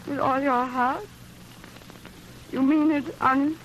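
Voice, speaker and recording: An actress playing a dramatic, wounded actress wife in a 1940s radio play, theatrical and indignant. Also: female voice, sits high, fairly even intonation, a little slow, highs cut off. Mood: tender. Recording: old radio broadcast with faint hiss.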